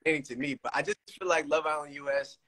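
A man from the United States hosting a casual interview, blunt and relaxed, with plenty of slang and swearing. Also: on the high side, rapid-fire, low-quality recording. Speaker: host.

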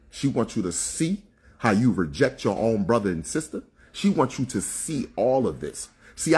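Raspy, fervent man preaching on a livestream. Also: medium pitch. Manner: fervent, preachy, repetitive, with frequent profanity. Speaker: livestream host. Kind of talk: impassioned spiritual monologue on a livestream.

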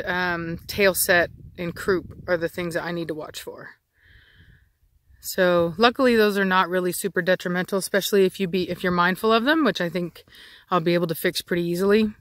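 A woman's voice: fairly low pitch, fairly even intonation, moderate pace, a bit bright. A woman dog breeder talking casually outdoors, rambling with many fillers and restarts. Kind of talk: casual outdoor vlog chat. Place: outdoors in a yard with dogs.

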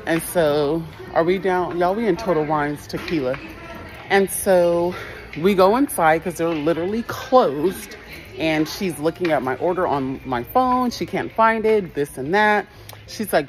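A woman's voice: on the low side, expressive, normal speed, soft background music. A young woman from California talking casually to her vlog viewers, telling stories and acting out what people said. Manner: chatty storytelling, acts out quoted people. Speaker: vlogger. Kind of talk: casual vlog talk to camera.

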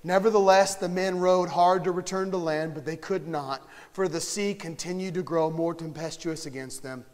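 High-voiced impassioned preacher in a reverberant church. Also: male voice, steady tone, normal speed, hardly any pauses. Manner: impassioned, swings from hushed to shouting. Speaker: pastor. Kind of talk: sermon. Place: church sanctuary. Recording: long hall reverb, faint music.

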